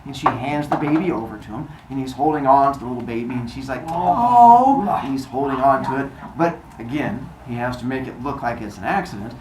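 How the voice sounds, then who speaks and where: A woman retelling a myth in a lively comic way, joking and quizzing her listeners. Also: a bass voice, fast, hardly any pauses. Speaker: storyteller. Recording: echoey room, noisy.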